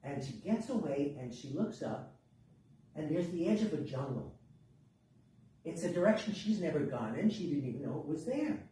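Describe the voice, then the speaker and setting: A man telling a story to a workshop class in a lively, dramatic way. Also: on the high side, normal speed. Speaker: workshop teacher. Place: workshop room. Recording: echoey room, distant mic, faint noise.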